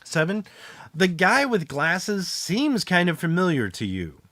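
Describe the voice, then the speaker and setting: Man with a lively voice running a tabletop game. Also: high voice, measured pace, no echo. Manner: narrates and voices side characters, chuckling. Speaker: game master.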